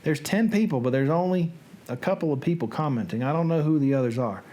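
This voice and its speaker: A man's voice: a little high, lively intonation, dark tone. A middle-aged man with a Southern American accent hosting a casual livestream in a folksy, playful manner. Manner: folksy, playful, drawn-out delivery. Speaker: livestream host. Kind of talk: casual livestream chat and dramatic reading.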